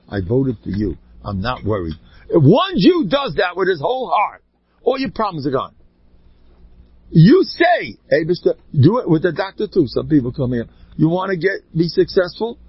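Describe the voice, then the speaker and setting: A man giving an informal Torah talk, joking and swinging his pitch up and down, with Yiddish and Hebrew words mixed into his English. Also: husky, no room sound. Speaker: religious speaker. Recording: dull lo-fi dry recording.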